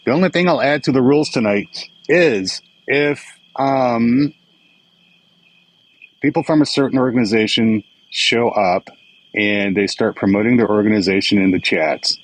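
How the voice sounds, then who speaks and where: Older guy hosting a live stream, lowish voice, crickets chirping in the background. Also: no echo, rough recording. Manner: chatty, greeting viewers by name, emotional and upbeat. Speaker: livestream host. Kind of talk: casual live-stream chat. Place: indoors at home, crickets outside. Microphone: phone or webcam for a live stream. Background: crickets and insects chirping.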